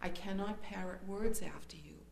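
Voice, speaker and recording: A woman's voice: medium pitch, moderate pace, creaky, a little mellow. A woman giving an earnest, hesitant, emotional account of her faith to a church gathering. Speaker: speaker sharing a testimony. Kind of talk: personal testimony storytelling. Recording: echoey room with faint hum.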